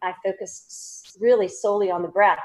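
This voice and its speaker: A woman with a Southern accent, a psychic medium talking as a guest in an interview, animated and laughing, with many fillers and restarts. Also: mid-range voice, fairly quick. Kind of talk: casual interview talk.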